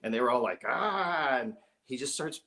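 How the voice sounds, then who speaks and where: Middle-aged man telling a lively story. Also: mid-range voice, normal speed, creaky. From Dayton, Ohio. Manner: animated storyteller who acts out quoted voices, with frequent chuckles. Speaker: interview guest, musician. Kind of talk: storytelling in a conversational interview.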